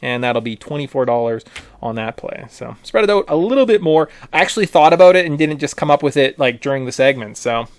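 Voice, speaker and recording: A man's voice: fairly high pitch, animated, fairly quick, no echo. Joking Canadian man co-hosting a podcast. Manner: joking, loose, laughs easily. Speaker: podcast co-host. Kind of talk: casual chat.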